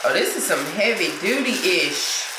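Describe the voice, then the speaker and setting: A woman's voice: fairly low pitch, lively intonation, unhurried, reverberant, heavy background noise. A young woman, just out of bed, chatting casually to her viewers while she cooks and unboxes things in her kitchen at home. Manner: chatty, talks to viewers as y'all and girl, loose casual grammar. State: just woke up. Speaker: vlogger. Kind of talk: casual chat to camera.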